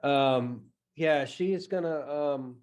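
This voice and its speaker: A man with an Irish accent, narrating a tabletop game as game master in a halting way with many fillers. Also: a little high, darkish tone.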